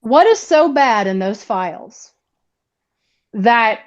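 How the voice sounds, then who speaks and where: A woman's voice: on the high side, lively intonation, slow, lo-fi sound. A woman co-hosting a political livestream, asking questions in an incredulous, exasperated way. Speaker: co-host. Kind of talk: heated political livestream chat.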